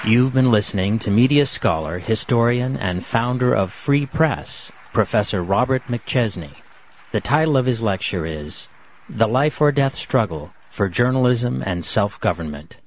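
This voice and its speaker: A man hosting a radio program, reading a formal, measured announcement. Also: mid-range voice, lively intonation, a little hiss or hum. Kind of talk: scripted broadcast announcement.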